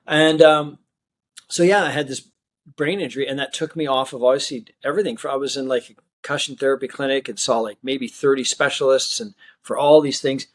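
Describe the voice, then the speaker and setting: In a casual interview, a magician tells a long personal story in a brisk, mid-range male voice. He acts out the people he quotes.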